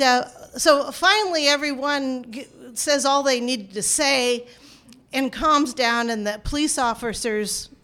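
A woman from the United States telling a personal family story in an animated, wry manner. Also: on the high side.

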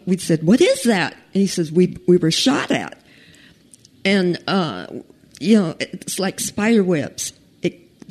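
A woman's voice: lowish voice, a little mellow. Woman telling a personal story. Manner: unhurried, conversational, with pauses and restarts.

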